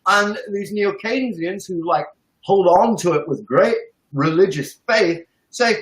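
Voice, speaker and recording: A man's voice: a little high, lively intonation, slow, fairly bright tone. A man talking economics in a heated, sarcastic way, often laughing as he makes his points. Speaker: guest economics commentator. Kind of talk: heated casual chat. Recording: roomy echo.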